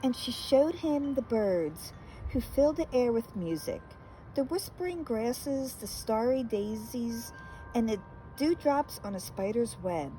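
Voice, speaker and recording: A woman reading a children's picture book aloud, gentle and expressive. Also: fairly high pitch, measured pace, soft background music, rough recording. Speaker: storyteller.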